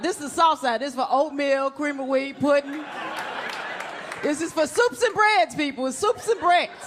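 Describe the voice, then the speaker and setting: A woman doing a stand-up comedy set on a club stage, brash and playful, acting out little scenes. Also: sits high. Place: comedy club stage in front of a live audience. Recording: live club recording with crowd laughter and noise.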